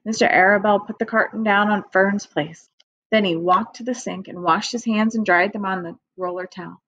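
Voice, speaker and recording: A woman teacher reads a children's book aloud in a clear, measured storytelling voice. Her pitch sits in a middle range. The recording is dry and close, with no room echo. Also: fairly even intonation, a bit bright, highs cut off.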